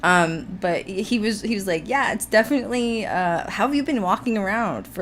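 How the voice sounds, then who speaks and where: A woman's voice: mid-range voice, expressive, a little slow, a bit bright, slight background noise. A young adult woman hosting a paranormal podcast, chatting casually with many fillers and frequent laughter. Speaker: podcast host. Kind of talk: casual chat.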